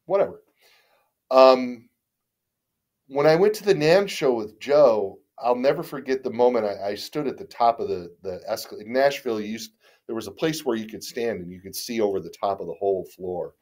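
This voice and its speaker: A man's voice: mid-range voice, normal speed, a little mellow. A middle-aged man, a guest in a casual interview, telling stories candidly with many restarts and stammers, and the occasional swear. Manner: rambling, frequent restarts and stammers.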